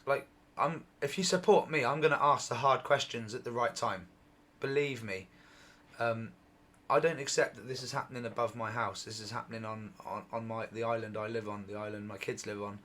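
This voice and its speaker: A middle-aged man hosting a UFO channel, giving excited, repetitive commentary over video footage, his voice going hoarse. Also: medium pitch, a little fast, a little hiss or hum. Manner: excitable, repetitive, exclaims often.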